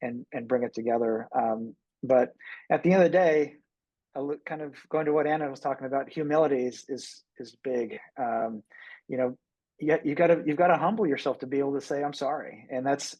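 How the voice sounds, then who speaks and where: A man on a discussion panel, speaking in a measured, reflective way with hesitations. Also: medium pitch, a little mellow, no echo, lo-fi sound. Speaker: panel guest.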